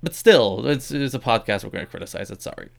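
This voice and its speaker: A man's voice: on the low side, expressive, fast, vocal fry. A man co-hosting a casual wrestling podcast, rambling and self-deprecating with lots of restarts. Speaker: podcast co-host.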